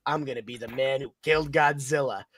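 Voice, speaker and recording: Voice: mid-range voice, a little fast, fairly bright tone, pitched below the performer's own voice, natural voice. A comics podcast co-host doing a comic reading of a boastful male fan-powered villain in a put-on Chicago accent. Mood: cocky.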